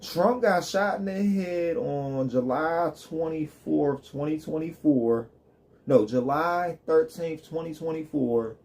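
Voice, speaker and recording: Mellow-voiced man ranting with slang. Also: on the high side, slow. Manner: loose, joking, street slang. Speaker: live streamer. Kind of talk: casual profane rant.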